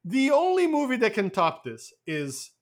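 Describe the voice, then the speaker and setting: A man's voice: extremely high pitch, normal speed. A man whose first language is Portuguese, co-hosting a podcast in casual chat and telling jokey stories with casual swearing. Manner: animated, joking storyteller who swears casually. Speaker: podcast co-host.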